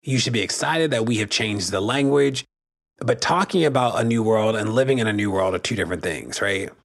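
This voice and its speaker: A man with a fairly low voice argues his case in an interview, earnest and emphatic. He presses each point and keeps checking that the listener follows. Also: fairly quick. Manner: earnest, emphatic, often adds "right?". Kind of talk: interview commentary.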